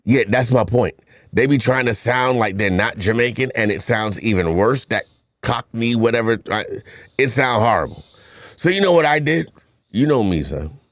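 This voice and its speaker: A man's voice: mid-range voice, expressive, normal speed, dry recording. A man, co-hosting a podcast and trading teasing banter while telling stories on a studio mic. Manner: teasing, boastful storyteller. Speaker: podcast co-host. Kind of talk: casual banter.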